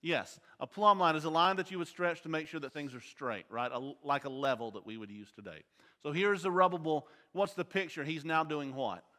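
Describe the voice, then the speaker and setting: Bright-voiced man teaching a Bible class. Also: fairly high pitch, fairly quick. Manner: quizzes the class with questions. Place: church auditorium. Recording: long hall reverb.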